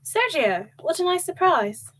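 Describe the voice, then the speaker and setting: A woman voicing a chatty, doting middle-aged mother on the phone, in a put-on British accent and a high, excited manner. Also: unhurried, slight background noise, exaggerated voice. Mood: fussing.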